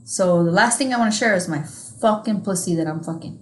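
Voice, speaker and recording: A woman's voice: medium pitch, brisk, slight background noise. A woman co-hosting a podcast in casual chat, blunt and profane, calling people bro. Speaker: podcast co-host.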